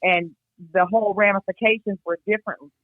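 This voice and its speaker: A woman's voice: medium pitch, steady tone, no echo. Blunt woman on a tinny phone line. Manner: blunt, swears freely, halting and reflective. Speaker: guest, host's sister. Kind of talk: candid personal account.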